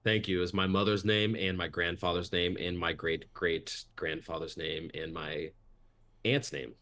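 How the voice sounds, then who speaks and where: A man's voice: deep voice, flat delivery, measured pace, bright, forceful tone. A man voicing a chatty, friendly male town guard who rambles and speaks a bit awkwardly. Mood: proud.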